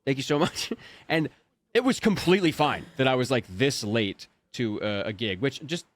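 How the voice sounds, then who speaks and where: A man's voice: mid-range voice, sing-song, normal speed, no room sound. A man in his thirties, a voice actor, telling a story in casual chat and acting out his own panicked thoughts. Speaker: voice actor guest.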